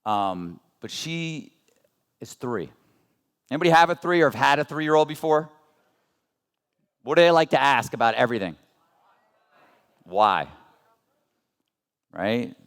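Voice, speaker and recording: Speaking at a business seminar, a motivational speaker in his thirties poses rhetorical questions in an earnest, conversational way. His mid-range voice swings widely in pitch at a measured pace with long pauses, and his tone is clean and a bit bright.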